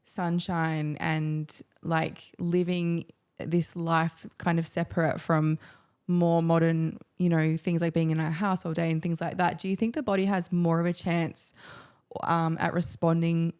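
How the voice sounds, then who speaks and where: Low-pitched woman hosting a chatty podcast. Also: little pitch movement, unhurried, darkish tone, clear, resonant tone. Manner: thoughtful, hedging questions. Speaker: podcast co-host. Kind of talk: casual podcast conversation.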